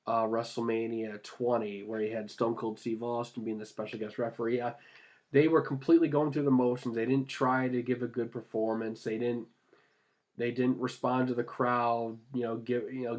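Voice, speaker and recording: Casting note: ailing man, casual Q&A vlogger, rambling, halting, mid-pitched. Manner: rambling, full of fillers and restarts. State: ill. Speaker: vlogger answering viewer questions. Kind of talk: casual Q&A vlog. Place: at home with cats.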